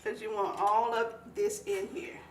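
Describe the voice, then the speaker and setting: A woman's voice: medium pitch, steady tone, unhurried, slight background noise. A woman from eastern North Carolina, demonstrating a recipe in a folksy, instructive way. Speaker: home cook demonstrating a recipe. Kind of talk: cooking demonstration. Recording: echoey kitchen, mic at a distance.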